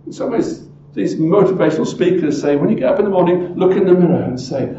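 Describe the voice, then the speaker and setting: A man preaching a sermon as pastor, emphatic and full of rhetorical questions, often swinging from loud to hushed. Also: high voice, animated, fast, hardly any pauses, reverberant, highs cut off, a little hiss or hum.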